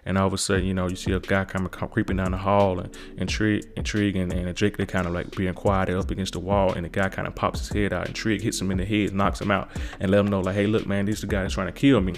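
A man's voice: low-pitched, little pitch movement, fast, gravelly. A man recapping a TV episode in a casual, rambling way, repeating himself and saying kinda a lot.

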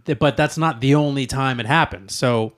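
A man's voice: mid-range voice, moderate pace, fairly bright tone. A young man co-hosting a casual podcast, rambling and hedging with lots of fillers. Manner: rambling, hedges with many "like"s. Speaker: podcast co-host.

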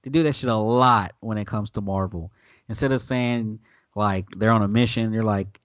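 On dull, dry audio with no room sound, this male podcast host speaks at a normal pace in a lowish voice. He recaps a TV episode in loose, profane chatter, bringing it to life with quoted voices.

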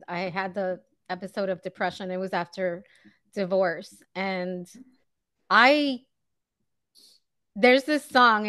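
A woman's voice: mid-range voice, a bit bright, dry recording. A woman hosting an interview, asking questions in an encouraging way. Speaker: interview host. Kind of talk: casual interview conversation.

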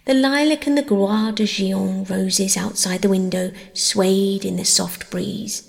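Gravelly-voiced woman reading a bedtime story. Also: mid-range voice, fairly even intonation, slow. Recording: long reverb.

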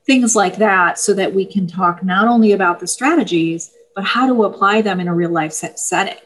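A woman, an author of parenting books, explaining her books and advice in a steady, easygoing interview manner with small fillers. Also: medium pitch, moderate pace, poor audio. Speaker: parenting book author, guest. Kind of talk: casual interview talk.

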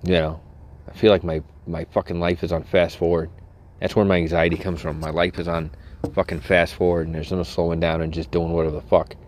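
A man's voice: low voice, little pitch movement, fairly quick, darkish tone, a little hiss or hum. A man hosting a solo podcast who rambles, restarts himself and swears constantly. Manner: profane, rambling, self-interrupting. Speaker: podcast host.

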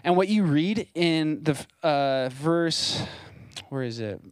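A man's voice: on the high side, animated, slow, smooth, no echo. A young man preaching a sermon as a site pastor, in a casual, conversational way with plain asides.

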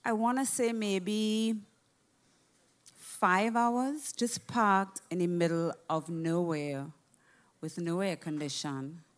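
A woman telling a personal travel story in a casual, animated way, swearing freely. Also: on the low side, slow. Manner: animated, profane, acts out quoted voices.

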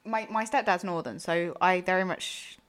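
A young woman from Essex, co-hosting a casual podcast chat, playful and quick to ask questions. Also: lowish voice, fairly bright tone. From Essex, England. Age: young adult. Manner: playful, asks questions, laughs easily. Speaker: podcast co-host, university student.

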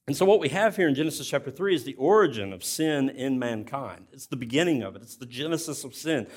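A man's voice: medium pitch, a little mellow, slightly rough. A man preaching a sermon as pastor, plainspoken and conversational, often restarting his sentences.

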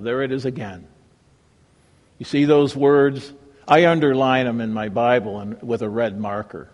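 A male pastor preaching a sermon with a dramatic delivery that swings from raised emphasis to hushed, reverent tones. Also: mid-range voice, a little slow, in a large hall.

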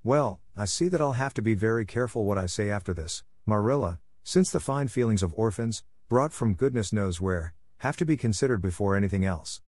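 A man's voice: on the low side, lively intonation, a little fast, few pauses, darkish tone, dry recording, studio quality. A man reading as a blunt, nosy older village woman. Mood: offended. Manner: outspoken, disapproving. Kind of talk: audiobook character reading.

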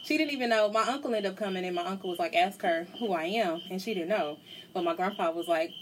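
A woman speaking quickly in a relaxed, conversational way as she tells a family story. A faint noise sits under her voice. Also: mid-range voice, rough recording. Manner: fast, warm storytelling about family. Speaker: podcast co-host. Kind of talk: casual chat.

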